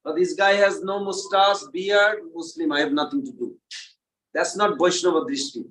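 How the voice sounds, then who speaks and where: A man teaching a devotional class in a temple, animated and asking the audience questions. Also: fairly high pitch, moderate pace, reverberant, far from the mic, poor audio. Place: temple hall, indoors.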